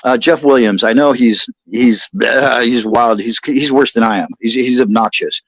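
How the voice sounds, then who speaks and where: A man's voice: mid-range voice, moderate pace, fairly bright tone, dry recording. A man with an American accent hosting a casual livestream chat, rambling and reading viewer comments aloud. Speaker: livestream host.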